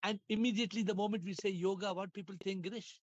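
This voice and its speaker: A man speaks in a voice gone hoarse, fairly high for a man. He teaches playfully over a video call, laughing and repeating himself. The sound is dry and a little dull. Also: steady tone, fast talker, no echo. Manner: playful, laughing, repeats phrases, asks questions. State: hoarse, lost his voice. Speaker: spiritual teacher hosting an online class. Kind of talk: casual spiritual class talk.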